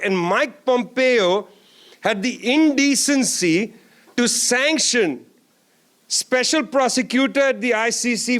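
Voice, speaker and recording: Guy with a really high voice giving a fiery political keynote, repeats lines for punch, sarcastic jokes. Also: fairly bright tone, smooth. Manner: emphatic, repetitive, sarcastic asides. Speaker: keynote speaker. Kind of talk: political speech. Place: conference hall.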